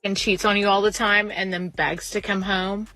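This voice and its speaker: A woman's voice: mid-range voice, level tone, normal speed, bright, forceful tone, no room sound, faint music behind, rough recording. A woman in a profane, sarcastic rant to her camera.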